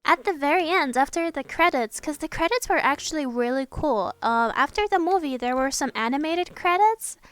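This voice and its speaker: A young woman chatting casually in a voiceover, an excitable fan gushing about a film, swearing now and then. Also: high-pitched, moderate pace, hardly any pauses. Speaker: artist narrating a speedpaint. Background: soft background music.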